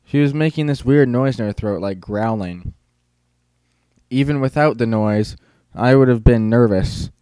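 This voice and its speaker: Male audiobook narrator, mid-pitched, casual and wry, dry close-mic studio read. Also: measured pace, dark tone, smooth, dry recording. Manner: casual, wry teenage-boy storytelling. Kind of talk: first-person audiobook narration.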